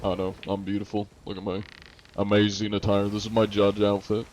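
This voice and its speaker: A streamer with a fairly low, warm and mellow voice banters with his crew and chat. He slips in and out of a playful judge act, teasing and mock-formal, with a faint hum of noise under his voice. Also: completely flat delivery, fairly quick, rough recording. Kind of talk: live-stream banter, role-playing a judge.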